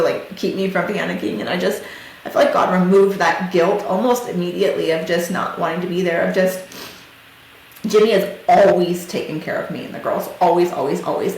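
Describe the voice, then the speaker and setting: Emotional woman in a very echoey room. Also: lowish voice. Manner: emotional, halting, many fillers. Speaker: podcast host. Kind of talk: personal storytelling. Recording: very echoey room, faint noise.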